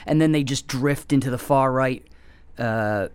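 A man's voice: mid-range voice, a little slow, clean tone, no echo. A man hosting a comedy show, delivering a rambling, self-mocking monologue with sudden whispered asides. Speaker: comedy show host taking calls.

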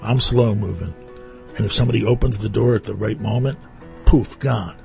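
A man's voice: lowish voice, normal speed, creaky, mellow, soft background music. A man hosting a radio show, chatting casually and telling wry, rambling stories into a studio microphone. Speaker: radio host. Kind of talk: casual chat.

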